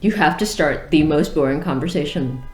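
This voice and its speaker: A woman's voice: deep voice, moderate pace, a little mellow, roomy sound. Blunt, tipsy woman co-host. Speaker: podcast co-host. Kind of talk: casual chat.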